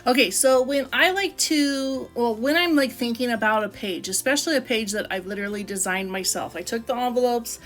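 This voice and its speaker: A woman vlogger enthusiastically flips through her craft book, showing how she assembles pages, with soft music behind her. Her voice is on the high side and fairly bright, and she talks fairly quickly with few pauses, saying "I love" and "like" a lot.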